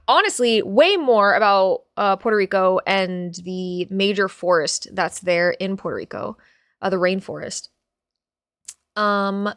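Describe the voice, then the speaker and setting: A woman hosting a casual stream, chatting with viewers in an animated, sweary way. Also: medium pitch, vocal fry, no room sound, clean studio sound. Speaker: streamer host.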